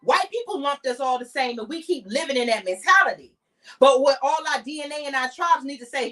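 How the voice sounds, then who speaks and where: A woman with an African American English accent rants bluntly and heatedly, cursing freely as she hosts her podcast. Her voice sits high, and she talks from a little way off the microphone, so the sound is slightly distant. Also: expressive, fairly quick, fairly bright tone. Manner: blunt, heated, profane ranting. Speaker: podcast host. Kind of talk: impassioned monologue.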